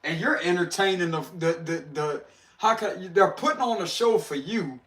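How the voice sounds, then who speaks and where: A man's voice: sits high, moderate pace, fairly bright tone. A man doing a casual livestream tarot reading, slangy and laughing often as he talks to viewers. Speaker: tarot reader.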